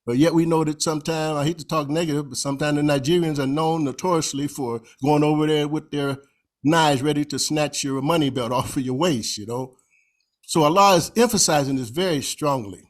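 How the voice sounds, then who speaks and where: A man's voice: fairly high pitch, brisk. A man giving a slide presentation over a video call, talking in a folksy, conversational way and stretching out recited phrases for emphasis.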